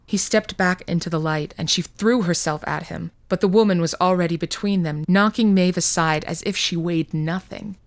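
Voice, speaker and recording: A woman narrating a fairy tale podcast in a slow, measured, hushed manner. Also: lowish voice, no echo. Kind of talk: scripted fiction narration.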